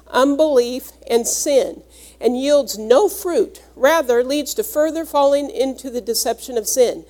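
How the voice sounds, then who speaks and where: Woman preacher, high voice, earnest teaching sermon delivery. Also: darkish tone. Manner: earnest, teaching, explains each word. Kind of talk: sermon with scripture reading.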